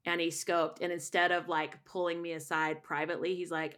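Woman, middle-aged, voice teacher, candid storytelling, rambling, restarts, lowish voice. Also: little pitch movement, brisk, fairly bright tone. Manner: earnest, rambling with many restarts and fillers. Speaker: voice teacher and singer, guest.

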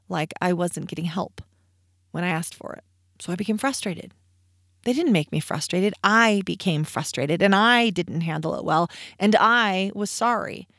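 A woman's voice: mid-range voice, dry recording, studio quality. A woman in her thirties hosting a parenting podcast, talking candidly and conversationally and answering her own rhetorical questions. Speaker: podcast host.

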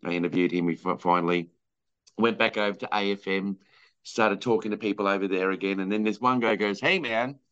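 This Australian filmmaker's voice is lowish, steady, smooth and a bit bright, moving a little fast over lo-fi sound. Interviewed as a guest, he tells his story loosely, with lots of fillers, restarts and acted-out quotes.

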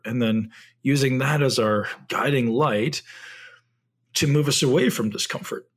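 A man's voice: mid-range voice, breathy edge. A middle-aged man hosting a solo podcast, talking earnestly and reflectively, often asking rhetorical questions and correcting himself. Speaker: podcast host.

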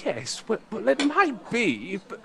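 An actor playing a young waiter who fakes a Polish accent, stammering and apologetic. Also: male voice, sits high, huge pitch swings, takes it slowly, creaky, heavily acted. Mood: flustered. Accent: fake Polish. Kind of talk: audio drama acting.

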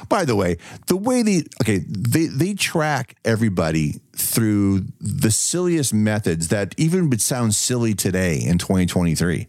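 A man co-hosting a casual movie review podcast, animated and profane, laughing often. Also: lowish voice, measured pace, no room sound, clean studio sound. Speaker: podcast co-host.

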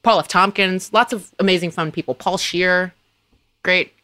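Woman podcast cohost, kinda low but bright voice, dry close sound, rambles and restarts a lot. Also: fairly even intonation, moderate pace, dry recording. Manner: chatty, hesitant, thinks aloud with many restarts. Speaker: podcast co-host. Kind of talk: casual chat.

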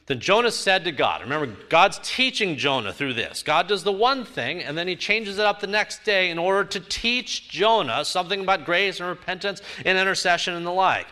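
A male preacher delivering a sermon in a bright, forceful voice that swings widely in pitch. He builds emphatically through repeated rhetorical phrases, rising and falling as he drives each point home. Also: animated, moderate pace, hardly any pauses. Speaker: pastor.

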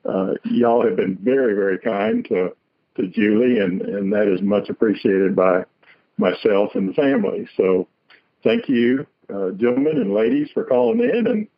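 A man's voice: fairly low pitch, very animated, normal speed, no room sound. A man with a Southern US accent calling in to a radio show, courteous and drawling. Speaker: caller. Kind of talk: casual call-in phone chat. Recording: dull lo-fi call audio.

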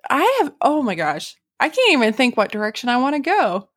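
A woman's voice: high-pitched, big pitch swings, fairly quick. A woman with a Southern US accent, a podcast guest in casual chat who laughs often while guessing.

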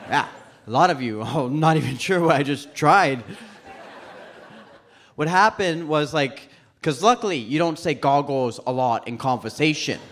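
A man's voice: on the high side, animated, moderate pace, a bit bright, slight background noise. A man in his twenties doing stand-up on a live stage, talking with a speech impediment that blurs some sounds and laughing at himself between lines. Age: 20s. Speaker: stand-up comedian. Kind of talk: stand-up comedy set.

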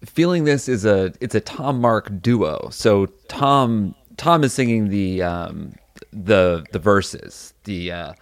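A man's voice: fairly low pitch, animated, slow, no echo, clean studio sound. A man co-hosting an advice podcast over a video call, chatting casually with a wry, teasing manner. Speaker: podcast co-host. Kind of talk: casual chat. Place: home, remote video call.

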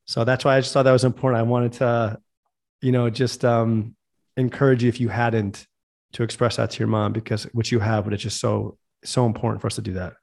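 A man's voice: medium pitch, level tone, fairly quick, vocal fry, darkish tone. A man hosting a podcast, talking in an earnest, heartfelt, rambling way. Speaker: podcast host. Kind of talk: casual conversation.

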